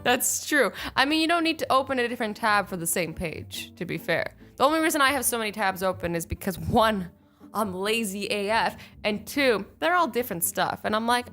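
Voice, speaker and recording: A young woman hosting a casual reaction video, expressive and playful, slipping into quick voices for the people she reads about. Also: mid-range voice, soft background music. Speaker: YouTube reaction host.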